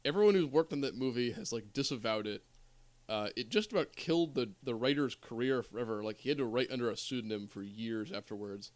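Male co-host, mid-pitched everyday voice, opinionated, halting and rambling. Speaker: podcast co-host. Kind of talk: casual chat.

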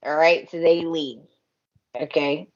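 A woman's voice: deep voice, flat delivery, slow pace, highs cut off. A woman co-hosting a podcast, chatting casually, laughing often and quoting characters. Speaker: podcast co-host. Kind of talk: casual recap chat.

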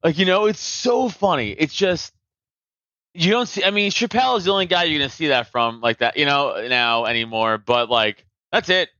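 A man chatting casually on a podcast, profane and animated, acting out comedians' jokes with a raised voice. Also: a little high, normal speed, no echo, lo-fi sound. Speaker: podcast host.

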